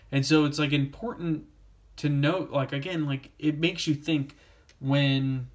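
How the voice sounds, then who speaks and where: A man giving a casual comic book review, rambling with many fillers and restarts. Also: mid-range voice.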